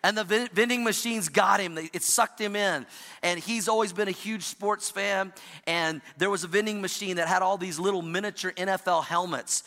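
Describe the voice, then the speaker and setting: Middle-aged male pastor, high bright voice, animated storytelling sermon in a reverberant hall. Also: moderate pace. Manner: storytelling, animated, with playful asides.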